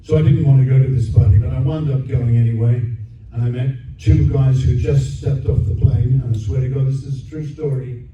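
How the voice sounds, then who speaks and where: A man's voice: medium pitch, fairly even intonation, brisk. An older Australian man telling a story as a guest actor at a fan convention. He is chatty and restarts often. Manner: chatty storyteller with frequent restarts, acting out other people's lines. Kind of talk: anecdotal Q&A storytelling. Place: convention hall. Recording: very echoey hall from far off, dull and noisy.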